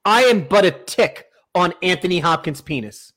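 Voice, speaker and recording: A man with a high voice co-hosts a podcast. He tells absurd jokes with a deadpan delivery and swears in passing. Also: moderate pace. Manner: deadpan absurd joking, profane. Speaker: podcast co-host. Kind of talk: casual comedic chat.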